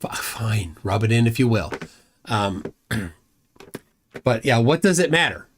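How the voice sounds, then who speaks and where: A man's voice: lowish voice, sing-song, unhurried, slight background noise. Sarcastic man hosting a live reaction stream. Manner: sarcastic, mocking, reads chat comments aloud. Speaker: livestream host reacting to a video. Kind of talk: casual live commentary.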